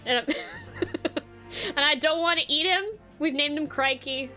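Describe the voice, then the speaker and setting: A woman's voice: high-pitched, steady tone, measured pace, over music. A woman streaming a video game, chatting casually, giggling and swearing freely.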